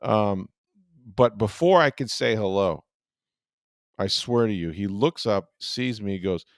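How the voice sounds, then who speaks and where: A man's voice: on the low side, lively intonation, slow pace, no room sound, clean studio sound. A middle-aged man hosting a sports podcast, telling a rambling story in casual chat with lots of fillers.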